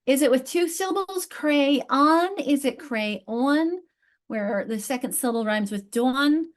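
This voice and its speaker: A woman's voice: sits high, lively intonation, moderate pace, darkish tone. A woman with a New York accent leading an online literacy class in a friendly, chatty way, often restarting her sentences. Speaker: literacy instructor. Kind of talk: online teaching session. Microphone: video call.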